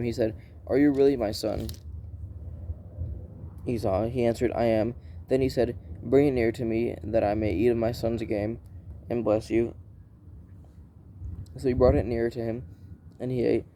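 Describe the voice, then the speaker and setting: A man reading scripture aloud in a plain, unhurried way, often restarting and correcting himself. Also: medium pitch, creaky, dark tone, a little hiss or hum. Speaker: Bible reader.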